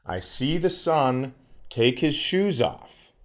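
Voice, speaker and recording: A podcast co-host in his forties tells a comedic story in casual chat, taking it slowly in a mid-range voice. He's an animated storyteller who acts out the voices of the people in it.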